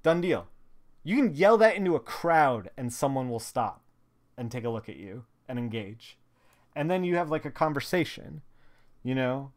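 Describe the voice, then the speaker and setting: Very animated and medium-pitched, this man talks at a normal pace as he colors comics live from his home studio desk mic. His casual work chatter rambles along, packed with fillers and frequent "like."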